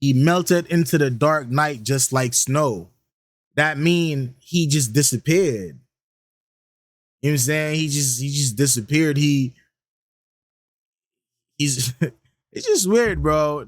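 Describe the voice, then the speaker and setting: A man's voice: a little high, lively intonation, measured pace, long pauses, dry recording, studio quality. A young man hosting a reaction video, talking casually in a slangy, rambling way, repeating lines back and musing over them with many restarts. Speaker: reaction channel host.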